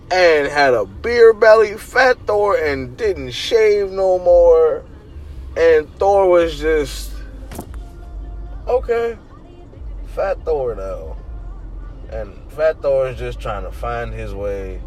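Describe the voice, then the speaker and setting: A man's voice: a little high, rough recording. A man hosting a movie review show, ranting casually and profanely and acting out quoted lines. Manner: animated and profane, acts out quoted voices. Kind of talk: casual rant.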